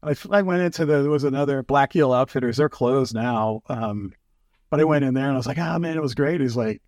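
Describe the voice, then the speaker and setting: A man's voice: mid-range voice, fairly quick, a little mellow, dry recording, studio quality. A man telling fishing stories in casual chat, acting out quotes with lots of fillers. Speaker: fly fishing guest.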